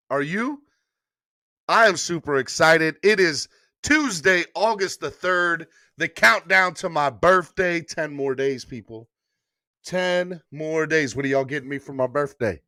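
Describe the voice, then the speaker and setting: A man hosting a morning sports podcast, talking loud and pumped up and repeating lines for emphasis. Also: fairly high pitch, no room sound, studio quality. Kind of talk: hyped-up morning sports show chat.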